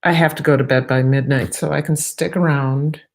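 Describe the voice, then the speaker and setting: A woman's voice: low voice, fairly even intonation, moderate pace, darkish tone. A middle-aged woman hosting a casual livestream, rambling nervously and goofily while fighting allergies. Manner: chatty, goofy, nervous rambling. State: allergies, sniffly. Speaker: YouTube livestream host. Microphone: laptop microphone.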